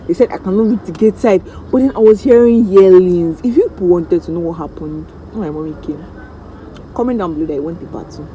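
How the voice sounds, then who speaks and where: Nigerian girl doing a storytime vlog, super dramatic, acts out all the voices, middle pitch, little bit of background noise. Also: warm tone, rough recording. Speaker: vlogger.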